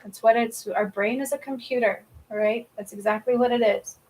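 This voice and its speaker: Spiritual reader on a live stream, a woman with a slightly high voice, emphatic and blunt. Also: steady tone, moderate pace, a little mellow, rough recording. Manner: emphatic, keeps adding "okay?", swears casually. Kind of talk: live-stream card reading.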